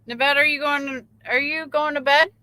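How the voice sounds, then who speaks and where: A woman's voice: high voice, fairly even intonation, brisk, bright, forceful tone, no echo, poor audio. A woman, a truck driver, chatting casually on a late-night livestream and reading out viewer comments, rambling with lots of fillers.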